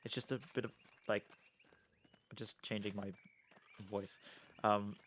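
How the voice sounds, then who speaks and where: A man streaming a game live, excitable, swearing a lot and laughing often. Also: lowish voice, unhurried, slight background noise.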